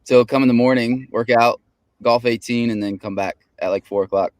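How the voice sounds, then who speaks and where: A man's voice: mid-range voice, fairly even intonation, brisk, no echo. A man chatting casually, telling rambling anecdotes in an easygoing way. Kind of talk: casual podcast chat.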